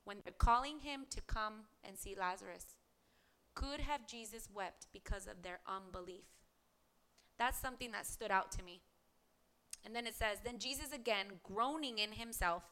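Bright-voiced woman preaching earnestly. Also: mid-range voice, moderate pace, clean tone. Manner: earnest, rhetorical questions, reads scripture aloud. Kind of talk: devotional podcast sermon.

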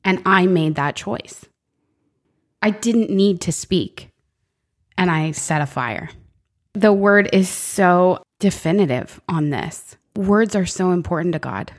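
Low-voiced woman, earnest and reflective. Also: animated, slow. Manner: earnest, reflective, quotes scripture. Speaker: podcast co-host. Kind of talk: faith-based conversation.

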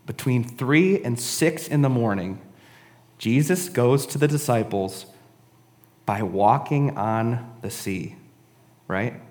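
A man's voice: medium pitch, animated, slow pace, darkish tone. Male preacher, conversational sermon, keeps asking "right?", long hall reverb. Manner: conversational, frequent "right?" and "honestly".

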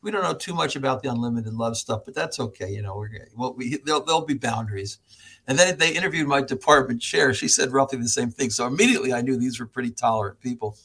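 A middle-aged American man, a professor, telling stories as a podcast guest, animated, laughing often and acting out other people's voices. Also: medium pitch, quick pace, husky. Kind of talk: storytelling in an interview.

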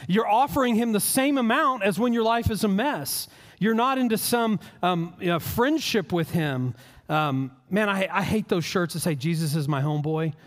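A man's voice: high-pitched, expressive, moderate pace, in a large hall. A male pastor preaching a sermon in an earnest, conversational way, often repeating words as he restarts.

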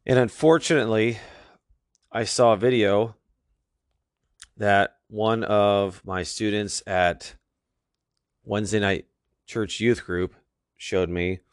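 Earnest low-voiced man preaching. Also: steady tone, takes it slowly, long pauses, smooth, no room sound, clean studio sound. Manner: earnest, emphatic, reads verses aloud. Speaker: youth pastor. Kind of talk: sermon with scripture reading.

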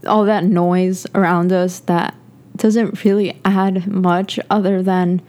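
Young woman podcasting solo, earnest and rambly, lots of "like", warm mellow tone. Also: fairly low pitch, little pitch movement, slow. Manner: earnest, rambling, heavy on "like", gets emotional. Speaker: podcast host. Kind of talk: personal reflective monologue.

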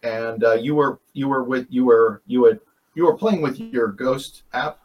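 Casting: man, casual storyteller, rambling and self-correcting, mid-pitched voice. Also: measured pace, muffled recording. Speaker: paranormal investigator guest.

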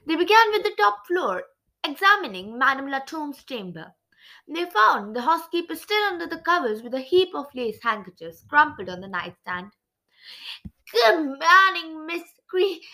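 Young woman, storybook reader, high bright voice, very lively pitch. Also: normal speed. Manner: animated, expressive. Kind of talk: reading a children's book aloud.

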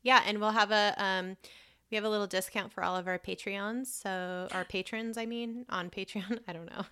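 A woman's voice: medium pitch, fairly even intonation, normal speed, pushed and bright, clear, resonant tone. A woman co-hosting a podcast in casual chat, laid-back, giggly and frank, swearing now and then. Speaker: podcast co-host.

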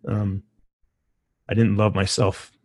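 A man hosting a podcast, speaking with heartfelt emotion and pausing often, as if searching for words. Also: on the low side, flat delivery, darkish tone, no echo, clean studio sound. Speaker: podcast host. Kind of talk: casual conversation.

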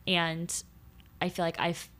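A woman's voice: lowish voice, monotone, takes it slowly. A young adult woman co-hosting a casual podcast chat, telling personal stories in an earnest, heartfelt way. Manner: warm, earnest storytelling. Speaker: podcast co-host.

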